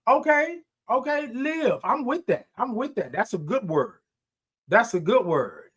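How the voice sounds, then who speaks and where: His voice is high-pitched and fairly bright as he hosts a morning livestream show. He chats casually, reads comments from viewers, and responds in an upbeat call-and-response style full of repetition and laughs.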